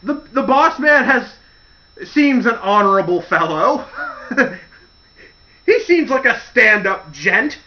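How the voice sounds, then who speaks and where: Animated high-voiced man, lo-fi recording. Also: slow, pauses often. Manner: animated, acts out quotes with mocking voices. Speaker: wrestling commentary host. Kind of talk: casual storytelling monologue. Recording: dull lo-fi audio.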